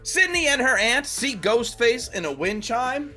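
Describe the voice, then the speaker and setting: High, lively man recapping a movie. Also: faint music behind. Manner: animated, quick recapping with sarcastic asides. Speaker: podcast co-host recapping a film. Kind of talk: casual podcast chat.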